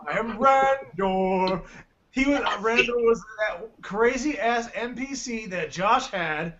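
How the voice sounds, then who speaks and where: A man chatting on a casual podcast, excited and blunt, swearing freely. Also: very high-pitched, a little slow, lo-fi sound, noisy background. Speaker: podcast co-host. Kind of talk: casual chat.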